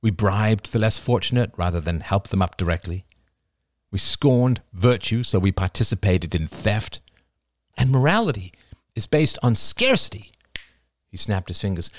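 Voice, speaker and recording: A man's voice: mid-range voice, dry recording, clean studio sound, voice pushed up. A man voicing Oliver, an earnest young man lecturing his friends with growing intensity about coming collapse.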